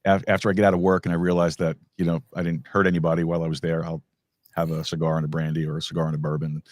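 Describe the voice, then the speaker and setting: A man's voice: deep voice, flat delivery, rapid-fire, dry recording, studio quality. A man hosting a podcast, chatting casually and rambling with lots of restarts and fillers. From New York. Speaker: podcast host. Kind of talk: casual conversation.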